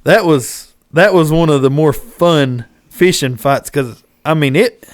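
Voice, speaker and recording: A man tells a story on a podcast. He is animated and plays out each beat. The sound is dry and close. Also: on the high side, a little slow, no room sound. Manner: animated storyteller, acts out shouted quotes. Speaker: podcast host. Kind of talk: casual storytelling chat.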